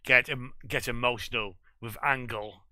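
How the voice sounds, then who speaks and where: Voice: mid-range voice, steady tone, normal speed, crowd noise. A podcast crew member chatting eagerly about upcoming episodes. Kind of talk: casual group podcast chat.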